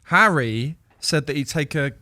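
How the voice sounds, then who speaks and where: A man's voice: on the high side, expressive, measured pace, bright, forceful tone, no room sound. A man talking as a podcast guest, blunt and banter-heavy, swearing casually. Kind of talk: casual chat.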